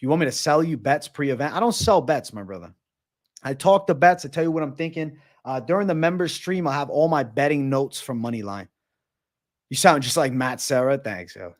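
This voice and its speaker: A man's voice: medium pitch, a little fast. A man hosting a casual fight-sports livestream, reading out chat questions and answering with frequent swearing. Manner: profane, casual, reads chat questions aloud. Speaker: MMA livestream host.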